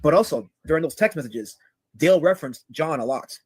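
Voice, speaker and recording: A man with a husky, slightly raised voice tells a long story in a casual, rambling way, dropping in frequent "you know" asides. He sounds close and dry, with no room around him. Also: fairly high pitch, expressive, fairly quick, darkish tone, dry recording, poor audio. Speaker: guest telling a story. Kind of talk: casual storytelling on a call-in show.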